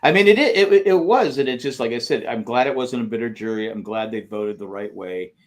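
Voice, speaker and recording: Man co-host, mid-pitched, halting casual talk with lots of restarts. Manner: halting, many restarts and fillers. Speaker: podcast co-host. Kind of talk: casual chat.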